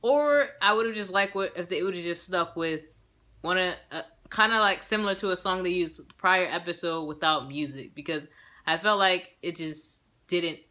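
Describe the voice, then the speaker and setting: A young woman giving a casual, sassy and animated recap of a show episode, full of slang. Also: lowish voice, normal speed. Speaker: show reviewer.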